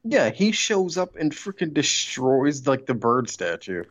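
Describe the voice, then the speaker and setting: A man's voice: medium pitch, big pitch swings, measured pace, dry recording, lo-fi sound. A man co-hosting a casual chat, chiming in with short joking asides. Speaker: podcast co-host.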